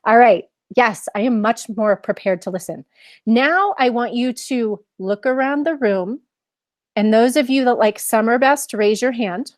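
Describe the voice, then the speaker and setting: A mindfulness teacher leads a live online lesson for children, encouraging them and asking lots of questions. Her voice sits on the high side and she speaks a little slowly, with clean studio sound and no echo.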